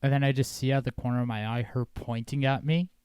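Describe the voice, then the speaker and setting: A man's voice: mid-range voice, fairly even intonation, quick pace, darkish tone, clean tone, dry recording. A young man co-hosting a podcast, chatting in a rambling, swear-filled way. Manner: rambling, swearing, easily amused. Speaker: podcast co-host. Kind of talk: casual chat.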